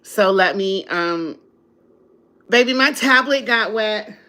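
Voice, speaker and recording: A woman's voice: medium pitch, expressive, slow, bright, forceful tone. A woman hosting a casual live stream, chatting with viewers, laughing often and sounding drowsy after a meal. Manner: sleepy after eating.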